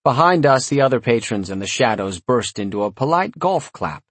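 A man narrating a first-person story in a wry, sardonic tone, with a husky voice. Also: medium pitch, big pitch swings, normal speed, fairly bright tone, no echo. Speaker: audiobook narrator.

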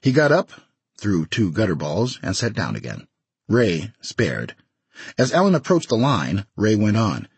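A man's voice: on the low side, huge pitch swings, measured pace, vocal fry, husky, dry recording. A man narrating an audiobook story expressively, in a dry studio recording. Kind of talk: scripted narration.

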